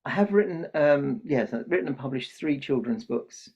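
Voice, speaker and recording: This older Santa performer, a podcast guest, brings a children's story to life by voicing its characters. He has a fairly high, expressive, darkish voice and talks at a normal speed, and the recording is muffled and lo-fi.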